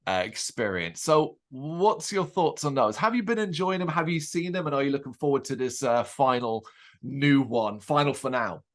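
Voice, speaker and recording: A man's voice: medium pitch, fairly bright tone. Chatty male interview host. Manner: chatty, quick questions, stumbling restarts. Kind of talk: casual interview hosting.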